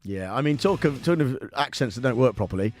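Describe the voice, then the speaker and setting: A man's voice: medium pitch, expressive, fast, over music. A man in his thirties presenting a radio show, teasing his guest with dry, sardonic banter. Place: radio studio. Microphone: studio microphone.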